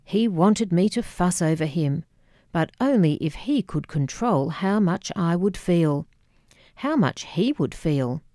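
A woman narrating her own memoir as an audiobook, measured and wry. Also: on the low side, animated, dark tone, dry recording, clean studio sound.

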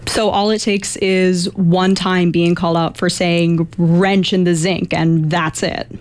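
A woman radio interviewer posing brisk, conversational questions to a guest. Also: on the low side, little pitch movement.

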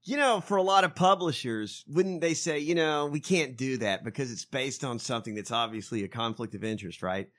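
A man co-hosting a podcast in casual chat, profane and quick to laugh. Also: mid-range voice, fairly bright tone. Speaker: podcast co-host.

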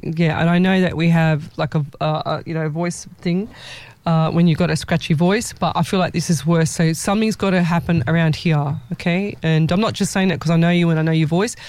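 A woman's voice: deep voice, fairly even intonation, brisk, darkish tone, no echo. Rambling woman giving psychic readings. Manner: rambling, self-correcting, laughs often. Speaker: psychic medium. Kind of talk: live psychic reading on a show.

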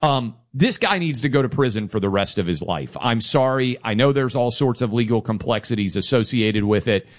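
Emphatic talk-show man, mid pitch. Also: moderate pace, hardly any pauses. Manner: emphatic, steady argument. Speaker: co-host. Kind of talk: political talk radio commentary.

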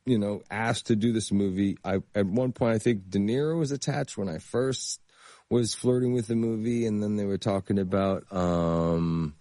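Low-voiced man telling lively stories. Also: normal speed, no room sound, clean studio sound. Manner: animated anecdotes with laughter and acted-out quotes. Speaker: actor guest. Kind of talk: casual interview storytelling.

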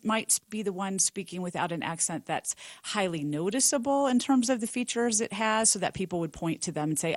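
A middle-aged woman from the American South, a linguist giving expert answers in an interview in a lively, explaining way. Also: mid-range voice, dry recording. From Memphis, Tennessee, US South. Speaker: linguist guest.

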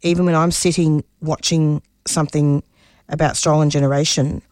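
A woman's voice: low-pitched, little pitch movement, moderate pace, a little mellow, dry recording, clean studio sound. A middle-aged woman from Australia, a community radio producer being interviewed, talking passionately with many restarts. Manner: passionate, restarts often, voice rises when stirred. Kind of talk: personal interview talk.

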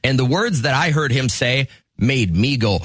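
A man's voice: medium pitch, expressive, normal speed, a bit bright, slightly rough, no echo, studio quality. A middle-aged man co-hosting a radio show, chatting casually and taking listener calls. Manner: chatty, storytelling, takes calls.

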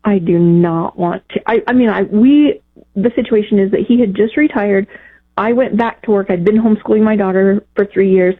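A woman calling in to a radio advice show, talking in an emotional, halting way with frequent restarts. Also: medium pitch, slightly rough. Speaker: caller. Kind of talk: call-in radio conversation. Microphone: phone. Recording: tinny phone line.

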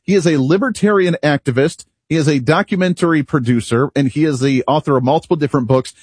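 A man's voice: fairly high pitch, fast, darkish tone, husky, dry recording. A man hosting a talk radio show, delivering an opinionated, rambling monologue and laughing at himself, recorded at a studio microphone. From United States.

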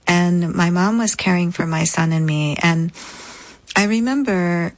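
A woman with a low, grounded voice speaks as an interview guest. She recounts her experience slowly and deliberately, pausing between phrases. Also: rough recording. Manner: measured, deliberate, pausing often. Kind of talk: reflective personal storytelling.

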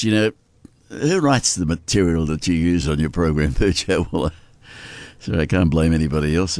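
A man's voice: lowish voice, no room sound. A man hosting a classic-hits radio show, telling jokes and reading promos in a chatty way. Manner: joke-telling, chatty, with small laughs. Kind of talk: casual radio chat and live reads. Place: radio studio. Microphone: close studio mic.

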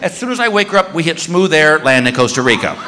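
A man doing stand-up storytelling on stage, animated and acting out the people in his stories. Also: on the high side, fast talker, background noise. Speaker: stand-up comedian. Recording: live stage recording with long hall reverb.

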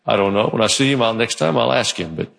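Gravelly-voiced pastor preaching in a church. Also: male voice, mid-range voice, fast talker. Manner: animated storytelling, acting out quoted voices. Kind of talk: sermon. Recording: long hall reverb.

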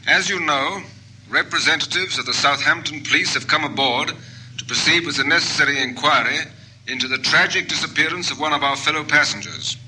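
Formal captain, courteous, high-ish, very crisp bright tone. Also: male voice, a little fast, slight background noise, rough recording. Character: formal male ship captain addressing passengers. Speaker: ship captain. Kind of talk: 1950s radio drama acting.

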